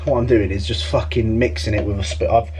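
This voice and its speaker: A man's voice: fairly low pitch, fairly even intonation, fairly quick, darkish tone, a little hiss or hum. A man chatting casually and profanely, vlogging as a fitness coach from a parked car. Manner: profane, blokey banter. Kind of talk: casual vlog chat.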